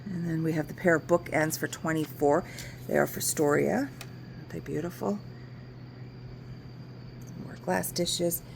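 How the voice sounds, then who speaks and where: A woman's voice: sits low, fairly even intonation, a little slow, vocal fry, long pauses, slight background noise. A woman who owns an antique shop, walking through it casually, chatting about items and working out discounts aloud. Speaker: antique shop owner showing items for sale. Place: indoors in a large antique shop.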